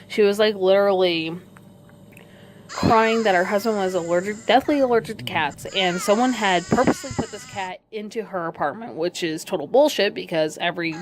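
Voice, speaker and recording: A woman with a worn-out, hoarse voice telling a long rambling story, casually swearing along the way. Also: mid-range voice, brisk, noisy background. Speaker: video creator telling a pet story.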